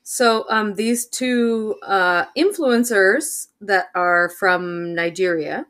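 A woman's voice: mid-range voice, slow pace, fairly bright tone. A woman co-hosting a podcast in casual chat, telling stories and laughing often. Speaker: podcast co-host.

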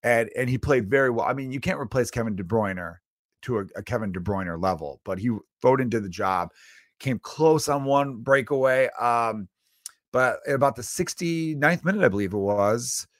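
A man hosting a comedy podcast, telling a long profane story in an animated, casual rant and acting out his own inner voice. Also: mid-range voice, moderate pace, no room sound, studio quality.

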